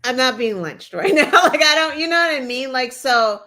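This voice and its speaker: On a casual political chat show, a co-host talks in a high, sharp, animated voice at normal speed. She is emphatic and freely profane, peppering her speech with "like" and "you know."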